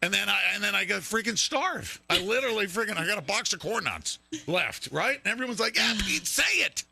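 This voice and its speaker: A male show host giving loud, riffing live-stream commentary, mocking and sing-song at times. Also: high voice, expressive, brisk, gravelly, no echo.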